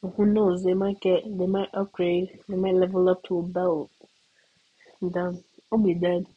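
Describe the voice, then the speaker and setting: A woman's voice: on the low side, level tone, normal speed, breathy edge, narrow, tinny audio. A teenage girl student in a casual comedic rant, rambling and giggling with lots of "like". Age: teens.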